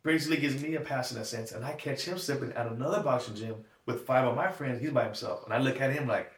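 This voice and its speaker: A man's voice: medium pitch, quick pace. A man giving a tearful, shaky personal testimony, acting out the dialogue in his story. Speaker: guest. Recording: echoey room, mic at a distance.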